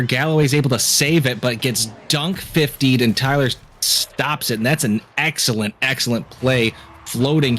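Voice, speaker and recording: A man breaks down esports plays in a loose, rambling way at a mid pitch, often restarting his sentences. A light hiss runs under the recording. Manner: relaxed, rambling analysis with restarts. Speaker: color commentator. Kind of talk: esports commentary.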